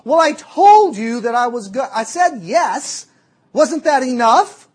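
A man's voice: very high voice, animated, fairly quick, a bit bright, husky, pitched above the performer's own voice, full character voice. Man putting on a shrieking indignant teen girl. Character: startled teenage girl in a bathrobe, indignant.

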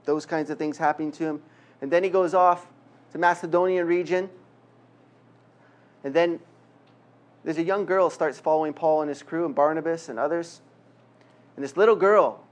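A man preaching a sermon, reading scripture slowly and emphatically, with humorous asides. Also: a little high, expressive. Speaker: pastor.

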